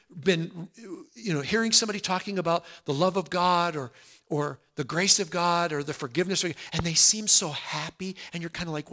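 A man preaching with a voice that sits a little high for a man. He talks in an earnest, conversational way. He drops to quiet asides and then rises to louder appeals. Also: moderate pace. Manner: earnest, conversational, swings between soft and loud. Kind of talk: sermon.

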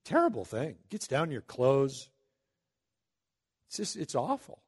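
A man preaching a Bible-teaching sermon in a conversational way, reading scripture slowly and breaking into emphatic asides. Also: mid-range voice, wildly swooping pitch, darkish tone, breathy edge. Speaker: pastor.

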